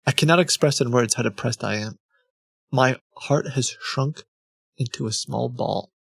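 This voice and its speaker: A man's voice: medium pitch, a little slow, creaky, husky, no room sound. A man reading aloud as a pleading, reproachful woman who writes love letters, in a mildly dramatic tone.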